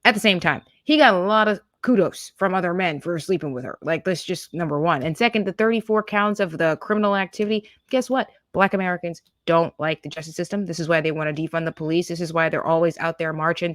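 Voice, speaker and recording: A woman's voice: lowish voice, quick pace, few pauses, dry recording, studio quality. A woman hosting a political reaction show, scornful and sarcastic as she talks over clips. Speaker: political commentary host.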